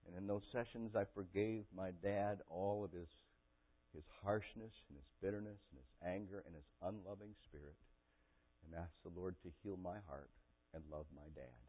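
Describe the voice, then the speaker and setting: A man preaching a sermon and telling a personal story with strong emotion, his voice swinging from loud and intense to quiet and soft. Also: deep voice. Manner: emotional storytelling, rising to near-shouting. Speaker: pastor. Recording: tinny phone-like audio.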